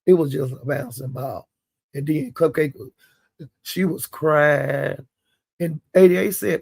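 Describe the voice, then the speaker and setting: Host: a man, husky and rough, rambling gossip storyteller. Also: on the high side, takes it slowly, darkish tone, no echo. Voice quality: gravelly, husky. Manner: rambling, with quoted asides. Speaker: channel host.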